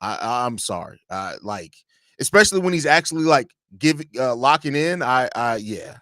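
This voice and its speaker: A man's voice: mid-range voice, expressive, moderate pace, sharp tone, no echo, clean studio sound. A man hosting a casual live-stream sports talk show from home, opinionated and rambling, often restarting his sentences. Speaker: host of a basketball fan podcast.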